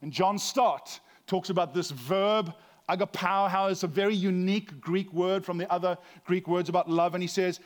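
Middle-aged male pastor, fairly high pitch, conversational and self-deprecating from the pulpit. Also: fairly even intonation, normal speed. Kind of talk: sermon.

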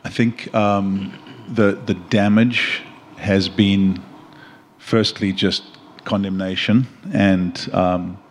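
Male pastor on a church panel. Very low voice, slow and measured delivery with pauses. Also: fairly even intonation. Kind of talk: panel discussion answer.

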